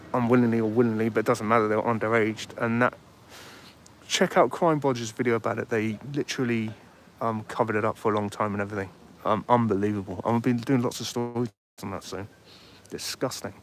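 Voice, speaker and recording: A man hosting a casual livestream outdoors, rambling and chatting as he reads out viewer comments. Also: medium pitch. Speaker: livestream host. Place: outdoors by a street. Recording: faint street noise behind.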